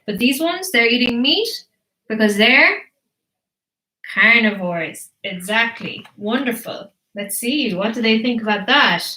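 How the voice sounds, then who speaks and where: Woman teacher, slow and bright, animated storytelling for kids in an echoey room. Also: fairly high pitch. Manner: animated, slow and encouraging, asks questions. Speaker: English teacher reading to children.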